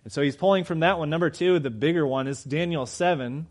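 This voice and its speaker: A man's voice: a little high, brisk. A man preaching a sermon, talking conversationally and driving his points home with rhetorical questions. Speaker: pastor.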